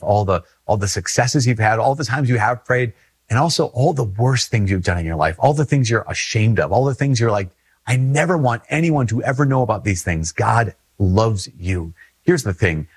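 A man's voice: on the low side, animated, fairly quick, slightly rough, no echo. A man from Minnesota, a priest, giving a conversational homily with earnest emphasis and repeated phrases.

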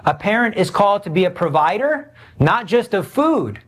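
A man's voice: high voice, sing-song, moderate pace, a bit bright. Earnest male Catholic preacher. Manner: earnest, emphatic preaching with rhetorical questions. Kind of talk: sermon.

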